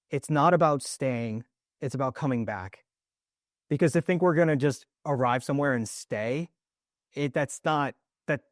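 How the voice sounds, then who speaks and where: Guy host musing out loud, mid voice, dry close mic, keeps saying right?. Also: medium pitch, no room sound. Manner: reflective, rambling with restarts and "right?". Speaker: podcast host. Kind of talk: casual conversational interview.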